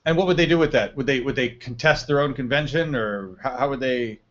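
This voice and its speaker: A man hosts a casual live stream, talking loosely with a co-host and reading viewer chat aloud. He laughs easily and chats at an ordinary pitch. The audio is dull and lo-fi. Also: fairly quick. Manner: chatty, laughs often, reads chat aloud. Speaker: livestream host.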